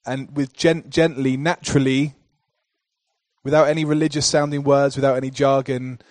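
A male pastor delivering a sermon in a rhythmic, repetitive cadence that builds to forceful declarations. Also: mid-range voice, level tone, moderate pace, dry recording.

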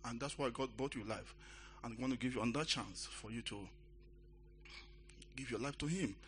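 A man giving a testimony in church, telling his story in a halting, repetitive way with many restarts. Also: medium pitch, slight background noise.

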